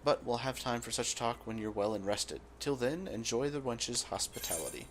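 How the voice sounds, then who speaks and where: A man voicing a gruff, blustering old male guild boss, reading game dialogue aloud. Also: medium pitch, expressive, moderate pace, slight background noise, close to an everyday voice. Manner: reads in a rough dockside voice, drops it partway.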